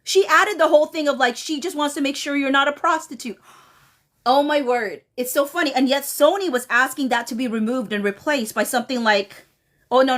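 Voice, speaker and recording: A woman's voice: fairly high pitch, fairly bright tone. A woman on a casual commentary livestream, reading documents aloud and breaking into laughing asides to her chat.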